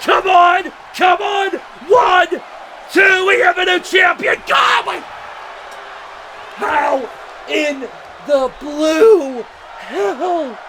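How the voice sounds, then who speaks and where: A young man calling a wrestling show play-by-play, frantic, shouting and disbelieving, over a loud crowd. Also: very high-pitched, very slow. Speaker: wrestling commentator. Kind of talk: excited play-by-play commentary. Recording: loud crowd and noisy venue. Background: cheering crowd.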